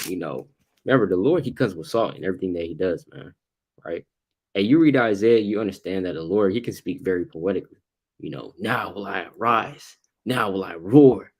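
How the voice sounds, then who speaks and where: A man with a fairly low voice teaches scripture in a loose, conversational way. He talks with animation and keeps asking rhetorical questions. He tags "right?" onto nearly every point. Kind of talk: informal bible study discussion.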